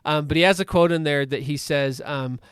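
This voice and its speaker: A man in his forties, a recovery coach, talking in a casual podcast interview with lively stories and many asides. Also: a little high, a little fast, clean tone, no echo, studio quality. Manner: animated storytelling with many asides, "like" and "right?".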